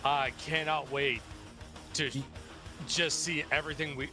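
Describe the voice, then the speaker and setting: Male color commentator, slightly high voice, friendly, stumbly, guitar music bed. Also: flat delivery, a little slow. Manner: friendly, stumbles over words. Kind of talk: wrestling show commentary.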